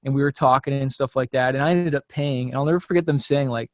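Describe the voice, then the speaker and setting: A man, a musician guest on a podcast, telling a story in a relaxed, loose way, full of "like" and "you know". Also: medium pitch, fast, no echo, studio quality. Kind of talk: casual chat.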